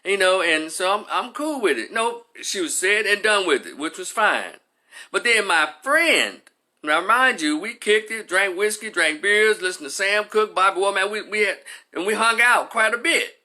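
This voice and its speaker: Bright-voiced man telling a story. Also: high voice, normal speed. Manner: animated, profane, conversational. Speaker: vlogger and commentator. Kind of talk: casual storytelling commentary.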